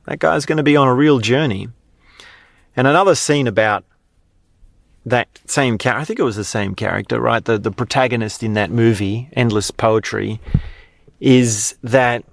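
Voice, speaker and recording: A man's voice: mid-range voice, dry recording. A man with an Australian accent hosting a podcast in a casual, conversational monologue, often tagging sentences with questions. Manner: conversational, frequent "right?" tag questions. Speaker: podcast host.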